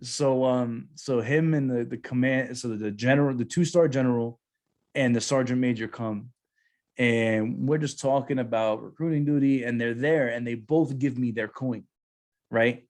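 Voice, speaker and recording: A man in his thirties, a podcast co-host telling a story casually, animated and profane with lots of slang. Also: medium pitch, moderate pace.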